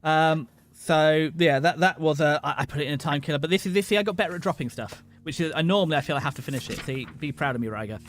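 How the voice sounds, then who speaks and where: A young British man hosting a livestream, rambling and joking excitably with many restarts. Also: on the high side, fast, hardly any pauses. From Britain. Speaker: VTuber streamer host. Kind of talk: casual livestream chat.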